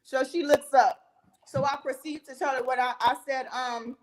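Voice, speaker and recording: A woman's voice: high voice, fairly even intonation, moderate pace, low-quality recording. A young woman animatedly telling a profane story about a fight, acting out the arguments with emphatic, heated delivery. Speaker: reality TV cast member telling a story.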